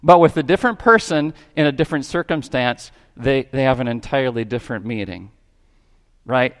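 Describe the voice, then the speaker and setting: A man's voice: mid-range voice, animated, normal speed, big-room sound. A man preaching a sermon in a church, talking in a conversational way and asking his listeners questions. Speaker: pastor. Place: church sanctuary.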